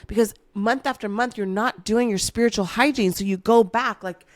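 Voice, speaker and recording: A woman's voice: on the high side, normal speed, dry recording. A woman hosting a motivational podcast, coaching the listener in a playful, hyped way and calling them baby. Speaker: manifestation coach and podcast host.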